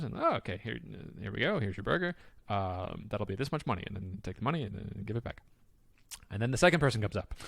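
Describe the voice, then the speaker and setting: A man co-hosting a podcast, chatting casually and telling stories with lots of fillers, getting excitable as he goes. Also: medium pitch, gravelly, dry recording. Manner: animated, excitable storyteller with frequent fillers. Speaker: podcast co-host. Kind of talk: casual chat.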